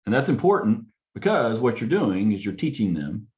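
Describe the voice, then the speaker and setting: A man with a low voice speaks as a counselor, loose and conversational. He slips into a gentle, curious tone to act out what he would say to parents. The sound is dull and lo-fi. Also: very animated, normal speed. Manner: acts out client and parent dialogue in a softer, curious tone. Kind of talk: casual panel talk.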